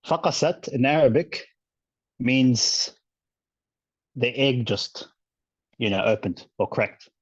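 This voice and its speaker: A male teacher explaining recitation rules in a casual online class, relaxed and chatty with many fillers and restarts. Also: medium pitch, unhurried, no room sound, lo-fi sound.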